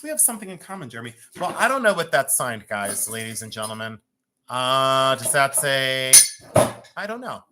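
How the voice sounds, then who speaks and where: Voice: mid-range voice, big pitch swings, normal speed, background noise. A host running a live jewelry sale from home, chatting and joking with viewers and laughing often. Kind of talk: live-stream selling chat.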